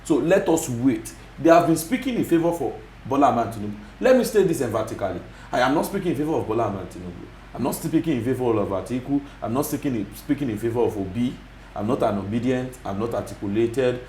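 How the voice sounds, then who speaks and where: A man's voice: medium pitch, lively intonation, fast talker, a little mellow, roomy sound, a little hiss or hum. A man with a Nigerian Yoruba accent, speaking as a guest commentator in a TV studio interview, emphatic and repeating his points. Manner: emphatic, repetitive, mixes in Yoruba phrases.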